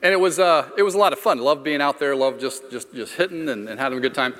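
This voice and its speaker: A man's voice: mid-range voice, fast talker, fairly bright tone. A middle-aged man from Florida preaching a sermon, telling a personal story in a conversational, self-deprecating way. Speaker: pastor. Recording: long hall reverb.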